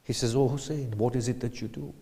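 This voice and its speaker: A man giving a sermon, retelling a tragic story slowly, swinging from hushed whispers to loud anguished cries. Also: mid-range voice, fairly even intonation, long reverb tail. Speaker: lecturer.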